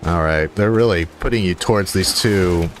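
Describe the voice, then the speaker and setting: Deep-voiced man joking over gameplay. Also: normal speed, faint music behind. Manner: wry, joking asides. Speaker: game streamer. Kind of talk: casual gameplay commentary.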